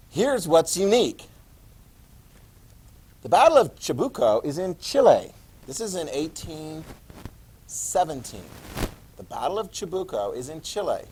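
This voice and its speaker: A man teaching a history class, animated, asking his students questions and answering them himself. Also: a little high. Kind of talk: classroom lecture.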